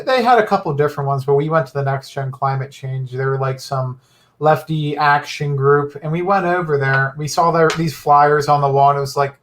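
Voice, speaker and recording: Young man with a slightly high voice. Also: a bit bright. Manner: loose, filler-heavy explaining. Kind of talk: casual podcast chat.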